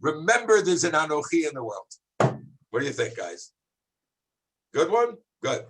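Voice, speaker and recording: A man, a rabbi, teaching a high school class in an animated, exclamatory way, calling on students by name and shouting at times for emphasis. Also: moderate pace, background noise. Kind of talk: lively classroom lesson.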